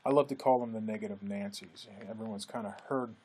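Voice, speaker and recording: A man lecturing in a relaxed, conversational way, acting out quoted remarks with a lifted voice. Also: brisk, husky. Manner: conversational, acts out quoted speech with lifted pitch. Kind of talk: recorded lecture.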